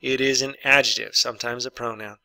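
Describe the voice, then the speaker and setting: A man's voice: medium pitch, fairly even intonation, brisk, sharp tone, no room sound. A man teaching an English grammar lesson, patiently walking through example sentences and repeating each one.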